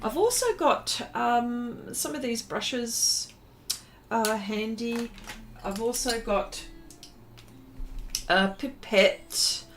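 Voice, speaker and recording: A woman's voice: a little high, extremely slow, pauses often, slight background noise. Chatty woman streaming live. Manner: chatty and rambling, many fillers and restarts; greets viewers by name. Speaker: art livestream host. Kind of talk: casual livestream chat.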